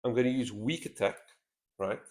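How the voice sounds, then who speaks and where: Speaking into a headset mic with a straw-like boom, this man has a medium-pitched, slightly mellow voice and a moderate pace. He's running a solo board game stream, casually musing aloud over every move.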